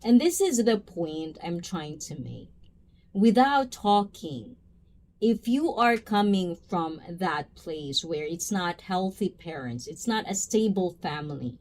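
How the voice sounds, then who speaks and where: A woman's voice: lowish voice, animated, slow, darkish tone. A woman hosting a casual livestream, chatting with viewers and calling them by name. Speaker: livestream host reacting to chat.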